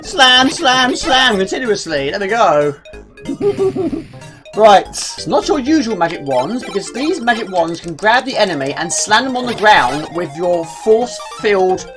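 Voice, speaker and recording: A woman's voice: mid-range voice, very animated, measured pace, fairly bright tone, soft background music. A woman giving casual gameplay commentary as a video creator, chatty and self-mocking, often talking to herself.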